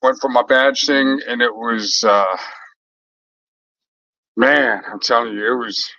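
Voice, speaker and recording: A man talks to his viewers in a loose, rambling chat, swearing freely and circling back with fillers and restarts. His voice sits at a middling pitch. The recording is dry and a little dull, like a lo-fi home setup. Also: steady tone, slow, bright, forceful tone, dry recording. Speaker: vlogger chatting with viewers.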